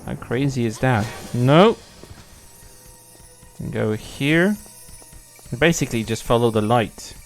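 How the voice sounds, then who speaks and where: A man's voice: mid-range voice, expressive, slow pace, pauses often, soft background music. A young man streaming a game, chatting casually, playful and swearing freely. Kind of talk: casual gameplay commentary.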